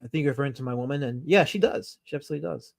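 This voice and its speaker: A man's voice: mid-range voice, racing, creaky. A man hosting a casual live stream, reading viewer comments and rambling enthusiastically with fillers and self-corrections. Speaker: streamer host.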